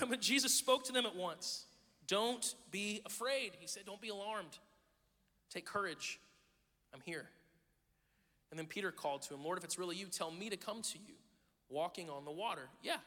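A middle-aged man delivers a sermon in a very bright, lively voice that sits high for a man. He tells his stories with humor and acts out the people in them. A long reverb trails off every line in the hall. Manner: animated storytelling, jokes and acted-out quotes. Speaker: pastor.

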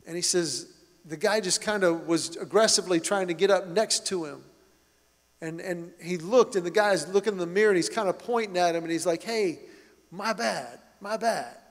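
A man's voice: high voice, fairly quick. A middle-aged man preaching a sermon as pastor, earnest and emphatic as he tells stories to his congregation. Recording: long reverb of a large hall.

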